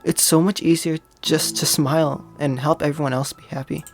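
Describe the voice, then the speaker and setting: Brief: a soft-spoken, hesitant teenage girl, read aloud by a gamer from a visual novel, confiding something painful. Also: mid-range voice, fairly even intonation, moderate pace, faint music behind, natural voice. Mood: sad.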